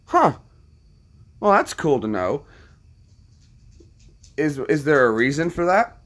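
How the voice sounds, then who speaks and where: Man, casual host chat, rambling anecdotes, lively animated pitch. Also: measured pace. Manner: rambling, anecdotal, repeats himself. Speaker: host talking to his viewers.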